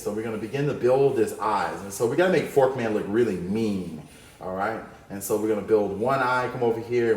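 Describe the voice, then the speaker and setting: A man's voice: on the low side, roomy sound. A man teaching a cartoon drawing lesson, upbeat and playful as he talks through each stroke. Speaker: art teacher.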